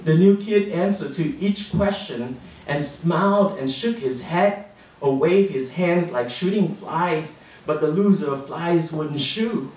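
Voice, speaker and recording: A man reading his own short story aloud to an audience, in a boy narrator's voice, with livelier, higher quoted lines. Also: slow pace, darkish tone. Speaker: author reading his fiction. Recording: roomy and distant, heard from across the room.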